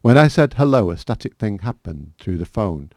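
A man's voice: on the low side, big pitch swings, moderate pace, darkish tone, dry recording. A man reading a personal memoir aloud as a guest, with dry, self-mocking humour. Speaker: guest author reading his work.

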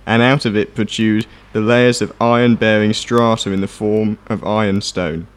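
A man on a radio show, reading a passage aloud steadily and clearly. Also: fairly low pitch, fairly even intonation, moderate pace. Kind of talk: casual chat and reading aloud.

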